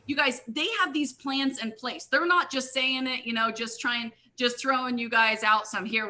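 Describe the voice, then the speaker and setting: A middle-aged woman giving a motivational talk at a live company event, energetic and constantly addressing the audience as "you guys.". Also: a little high, fairly quick, hardly any pauses. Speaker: guest speaker, network marketing leader.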